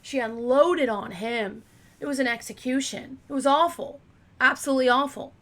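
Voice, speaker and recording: A woman hosting a true crime channel recounts a case casually, rambling through many fillers and asides. Her voice sits high and a bit bright, at a moderate pace, cracking slightly.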